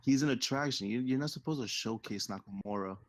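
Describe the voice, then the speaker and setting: A man's voice: mid-range voice, fairly quick. A young man co-hosting a casual podcast, stating firm predictions in short bursts. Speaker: podcast co-host. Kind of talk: casual chat.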